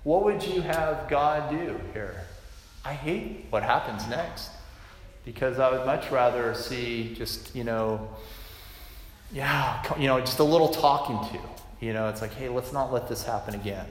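Male pastor, casual sermon delivery, mid-pitch, long hall reverb. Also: a little slow, slight background noise. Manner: conversational, self-deprecating, rambling restarts.

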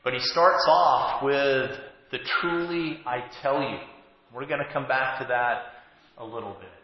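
A pastor in his forties with a mid-range voice gives an unhurried, conversational sermon, often interrupting himself to restart sentences. The recording sounds like an echoey hall, dull and lo-fi.

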